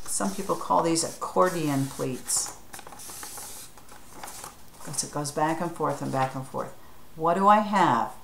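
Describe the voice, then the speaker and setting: A woman's voice: low voice, vocal fry, echoey room, slight background noise. A woman leading a children's craft tutorial, patient and encouraging, spelling words out letter by letter and asking viewers to follow along. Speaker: children's craft leader at a church.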